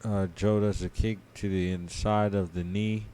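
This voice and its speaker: A sleepy man co-hosting a podcast, giving a drowsy, low-key play-by-play recap full of ums and uhs. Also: level tone, normal speed, warm tone, slight background noise. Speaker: podcast co-host. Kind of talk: casual match recap.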